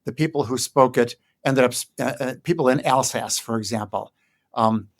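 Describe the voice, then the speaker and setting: An older man from Chicago speaks as a guest in an interview, his voice sitting at an ordinary middle pitch. He explains things thoughtfully, with frequent ums and short pauses as he searches for words. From Chicago, United States. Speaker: guest Yiddish scholar. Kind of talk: conversational interview.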